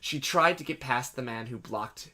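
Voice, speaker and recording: Bright-voiced man reading fanfic. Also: mid-range voice, expressive, moderate pace. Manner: dramatic reading broken by jokes and swearing. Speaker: reader and co-host.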